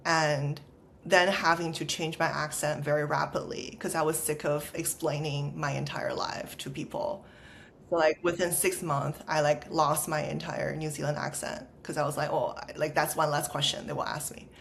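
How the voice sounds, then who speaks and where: Low-voiced woman with a Valley girl accent. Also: flat delivery, moderate pace, creaky, a little hiss or hum. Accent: Los Angeles Valley girl. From China. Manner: chatty, peppered with "like" fillers. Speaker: podcast guest, startup founder. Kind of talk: casual conversational interview.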